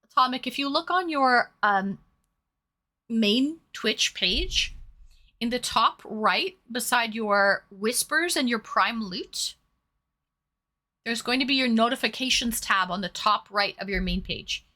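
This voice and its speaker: A woman's voice: a little high, lively intonation, slow, sharp tone. A woman with a mild Toronto Canadian accent, chatting casually with viewers as a livestream host. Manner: chatty, addresses viewers directly. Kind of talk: casual chat.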